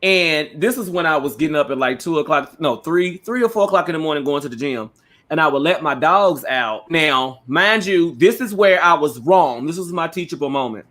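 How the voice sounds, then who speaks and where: A man telling a petty neighbor story in casual chat, animated and swearing freely, acting out what people said. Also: a little high, moderate pace. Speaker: podcast co-host.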